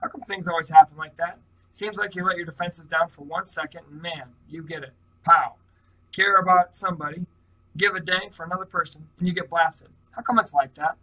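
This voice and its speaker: A man reading the lines of a calm, easygoing teenage boy in a story, in his own plain voice. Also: fairly high pitch, a little fast, poor audio. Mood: easy.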